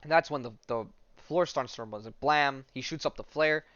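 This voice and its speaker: A man's voice: mid-range voice, brisk, fairly bright tone, no room sound, lo-fi sound. A man hosting a podcast in a rambling, casual way, full of restarts and fillers, who reads a comic aloud. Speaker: podcast host.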